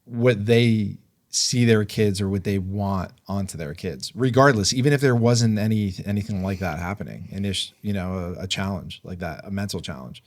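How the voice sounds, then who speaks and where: A man hosting a casual interview, speaking in a measured, affirming, encouraging way. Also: lowish voice. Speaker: host.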